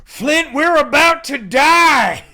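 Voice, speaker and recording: A man's voice: very high voice, animated, slow pace, bright, forceful tone, voice pushed up, full character voice. A man voicing a panicked Southern male ghost-hunting trucker in a hammy, yelping American Southern accent.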